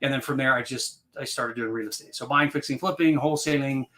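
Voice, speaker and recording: A man's voice: mid-range voice, fairly even intonation, quick pace, a bit bright. A man telling his story as a podcast guest in a casual, rambling way, full of fillers and restarts. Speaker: podcast guest, real estate investor.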